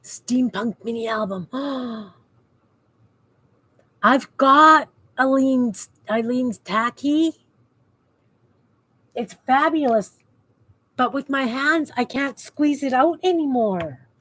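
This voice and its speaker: A woman's voice: sits high, takes it slowly, fairly bright tone. A middle-aged woman hosting a crafting livestream from her basement, chatting casually with viewers and muttering to herself as she works. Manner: chatty, self-talk while working, mutters to herself. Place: home basement craft room.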